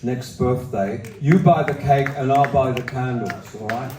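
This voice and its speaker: A man's voice: mid-range voice, measured pace, recorded from a distance, noisy background. A man in his seventies, a singer-songwriter performing live, telling rambling, profane, self-mocking stories between songs in a sold-out music hall. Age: 70s. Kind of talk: onstage storytelling between songs. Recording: roomy hall sound from the audience area. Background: acoustic guitar and audience.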